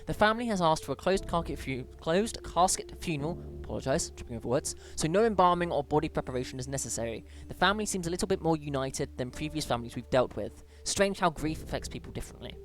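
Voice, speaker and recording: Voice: lively intonation, very fast, hardly any pauses. Chatty British gamer reading emails aloud. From Britain. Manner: chatty asides, frequent little pitch jumps and stumbles while reading. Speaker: let's play gamer. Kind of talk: casual gameplay commentary, reading on-screen emails aloud.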